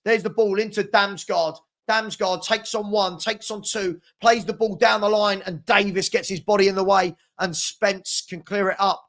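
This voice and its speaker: A man's voice: high-pitched, fairly even intonation, moderate pace, hardly any pauses, a bit bright. A man hosting a live fan watchalong, giving partisan running commentary on the match and getting exasperated with his own side's mistakes. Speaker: watchalong host.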